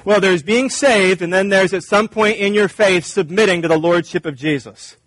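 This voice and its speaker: Male pastor, sermon, husky voice, fairly high pitch, dry sound. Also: normal speed, a bit bright, dry recording. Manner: emphatic, conversational, acts out dialogue.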